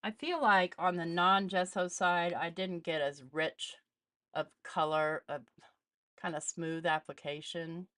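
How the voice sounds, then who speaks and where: Low voiced woman chatting thru an art supply test on a live stream, greets viewers, dry room. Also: steady tone, unhurried, fairly bright tone, dry recording. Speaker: art channel host. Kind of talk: casual live art demonstration.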